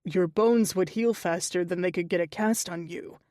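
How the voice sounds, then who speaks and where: A woman narrator voicing an intense, protective male shifter who speaks in a low, measured, serious way. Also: a little mellow, no room sound, studio quality, natural voice.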